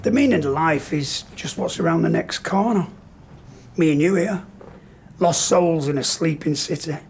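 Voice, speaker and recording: A man playing a gentle clown guardian angel. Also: a little high, slight background noise. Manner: calm, preachy, gently teasing. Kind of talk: live stage play performance. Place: pub performance.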